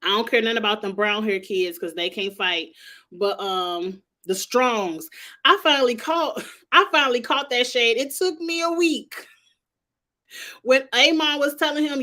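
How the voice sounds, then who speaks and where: Brash woman hosting a casual TV recap, somewhat high-pitched, talks right at the characters. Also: moderate pace. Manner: sassy, talks straight to the characters; animated, slangy and blunt. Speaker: TV show reviewer. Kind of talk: casual commentary.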